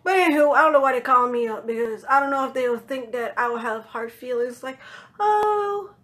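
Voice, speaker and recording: A woman telling a personal story in a casual vlog, animated, swearing freely and acting out what other people said. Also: fast. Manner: animated, swearing, acts out quoted voices in higher pitch.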